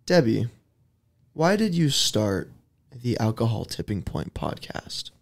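A man who produces a podcast, interviewing its host in a studio, talking in a laid-back, rambling way that often trails off quietly. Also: mid-range voice, big pitch swings, takes it slowly, gravelly. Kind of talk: casual interview chat.

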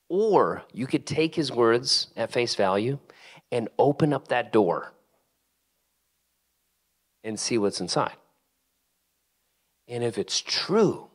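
A young adult man, a pastor, giving a sermon in a conversational, animated way with rhetorical questions, in a church. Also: lowish voice. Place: church sanctuary.

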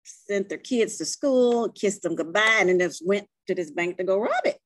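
A woman's voice: mid-range voice, moderate pace, dry recording. Woman librarian chiming in on a book. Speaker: librarian co-host. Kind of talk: casual book discussion.

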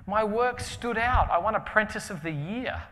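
Aussie guy preaching, jokey stories, gets loud then goes quiet, big echoey hall. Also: sits high, expressive, moderate pace. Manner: storytelling, humorous, swings from loud to hushed. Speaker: pastor. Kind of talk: conference sermon. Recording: reverberant hall with faint ambience.

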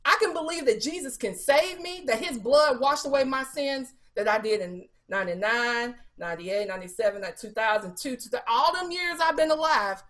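A woman evangelist delivering a sermon at a Bible study, quoting scripture and asking the listeners rhetorical questions in a casual, colloquial way. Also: high voice. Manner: animated preaching with scripture quotes and rhetorical questions; casual colloquial speech with fillers.

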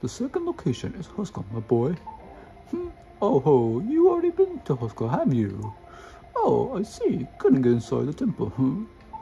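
A pompous old male professor, as a young gamer puts him on while reading game lines aloud. The delivery is grand and swooping, with a gravelly, dark undertone. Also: a little high, wildly swooping pitch, moderate pace, muffled recording, voice pushed up, heavily acted.

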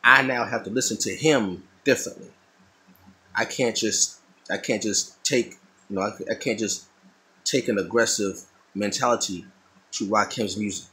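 Man musing slowly, lowish voice. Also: bright, forceful tone, low-quality recording. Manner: thoughtful, repeats and restarts phrases. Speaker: artist talking while drawing. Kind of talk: casual monologue.

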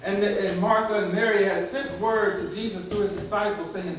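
A man's voice: high-pitched, normal speed, hardly any pauses, fairly bright tone, a little hiss or hum. A man preaching a conversational sermon with humor, repeating words and chuckling at his own jokes, in a church. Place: church sanctuary. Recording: very echoey hall from far off.

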